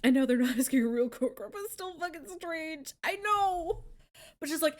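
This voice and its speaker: Casting: high, bright-voiced woman streamer, casual and blunt, swears freely. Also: moderate pace. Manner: blunt, swears, laughs often. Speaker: streamer host. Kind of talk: casual live-stream chat.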